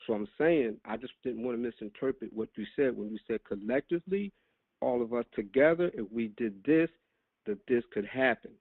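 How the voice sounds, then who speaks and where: A man hosting a call-in podcast, speaking deliberately and pressing his questions. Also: mid-range voice, no room sound. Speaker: podcast host. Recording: tinny phone line.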